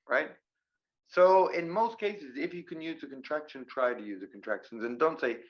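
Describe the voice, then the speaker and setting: A man teaching English in a live online class, explaining grammar with lively examples. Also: fairly high pitch, moderate pace, dull audio.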